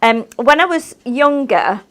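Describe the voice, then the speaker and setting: A woman's voice: sits high, expressive, unhurried, fairly bright tone. A woman demonstrating crafts on a live show, talking in a chatty, rambling, self-mocking way. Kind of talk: live shopping craft demo chat.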